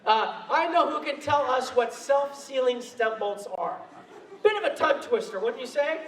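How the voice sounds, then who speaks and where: With a very high, slightly bright voice, a man speaks expressively at normal speed during a storytelling talk at a convention. He laughs through self-mocking anecdotes into a handheld mic, recorded from afar in an echoey hall.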